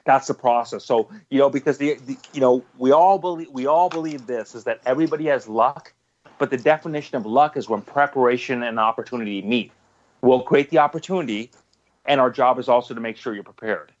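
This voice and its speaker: A man's voice: mid-range voice, brisk, dull audio. A man answering interview questions about his business, emphatic and repetitive, often restarting his sentences. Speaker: guest, business owner.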